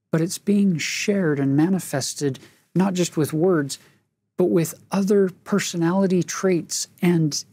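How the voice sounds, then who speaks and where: Woman, scripture lesson host, slow measured delivery, mellow tone, earnest reader. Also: on the low side, slightly rough, no echo. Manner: reads verses aloud and comments earnestly; asks listeners reflective questions.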